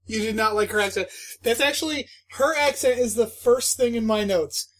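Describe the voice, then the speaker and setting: A man's voice: very high voice, normal speed, a bit bright. A man co-hosting a book podcast, chatting casually with dry, teasing banter. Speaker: podcast co-host. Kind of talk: casual chat.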